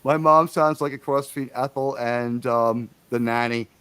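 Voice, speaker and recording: A man's voice: medium pitch, fairly even intonation, normal speed, fairly bright tone, smooth, dry recording. A man hosting a casual livestream, rambling and chatty, with enthusiastic, profane asides. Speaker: livestream host.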